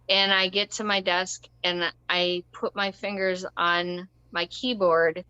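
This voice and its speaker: Slow-talking woman with a bright voice. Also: mid-range voice, clean tone, dry recording, highs cut off. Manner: rambling and conversational, with frequent ums and short laughs. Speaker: interview guest. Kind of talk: casual personal storytelling.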